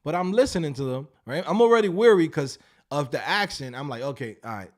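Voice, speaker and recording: Brief: male streamer, higher pitch, animated casual storyteller, swears. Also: brisk. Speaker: livestream host. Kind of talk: casual livestream chat.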